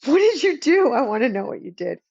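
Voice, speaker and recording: A woman hosting a podcast interview, chatty and quick to laugh. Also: high-pitched, very animated, creaky, a little mellow, dull audio. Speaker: podcast host.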